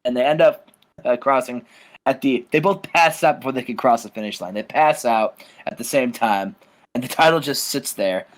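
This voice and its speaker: A young man casually narrating a wrestling booking game, rambling and animated. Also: mid-range voice, moderate pace. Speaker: game show co-host.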